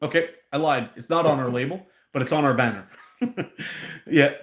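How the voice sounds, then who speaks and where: A man hosting a casual live stream about hot sauce, a rambling, animated storyteller who laughs at his own stories. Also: a little high, normal speed, reverberant. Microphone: handheld mic pulled out.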